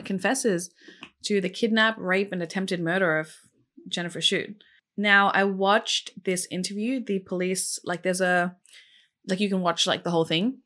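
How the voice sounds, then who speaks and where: A woman's voice: medium pitch, a bit bright. A woman hosting a true crime podcast, telling the case casually with lots of "like" and "um" and asking her listeners questions. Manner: chatty, many fillers like "like" and "um"; asks listeners questions directly. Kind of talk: casual storytelling.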